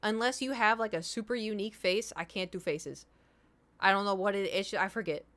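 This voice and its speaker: A woman's voice: mid-range voice, brisk, a bit bright. A young woman streaming, chatting casually with her viewers, rambling and self-deprecating, trailing off mid-thought.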